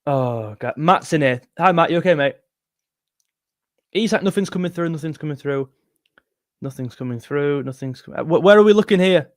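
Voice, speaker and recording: Excitable man streaming live. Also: a little high, normal speed, long pauses, no echo, studio quality. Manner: excitable, jumpy, talks straight to the chat. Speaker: football fan channel host. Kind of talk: casual live-stream chat.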